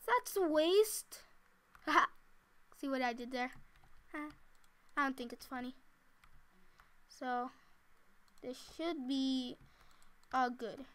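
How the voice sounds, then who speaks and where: Bright, high-voiced woman narrating gameplay. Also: fairly even intonation, takes it slowly, pauses often. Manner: chatty, giggly, talks to herself while building. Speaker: gameplay commentator. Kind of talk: casual let's-play commentary.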